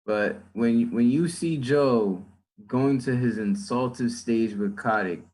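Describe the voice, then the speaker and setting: Co-host dude, talks slow and dry, just chilling. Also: male voice, mid-range voice, a little mellow, poor audio.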